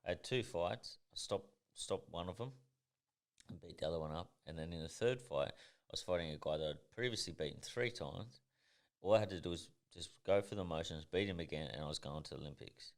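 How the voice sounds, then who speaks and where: A man's voice: sits low, fairly quick. An Australian man in his thirties, a professional boxer and podcast guest, telling stories in a blunt, intense and heavily profane way. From Tasmania, Australia. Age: 30s. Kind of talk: casual podcast storytelling.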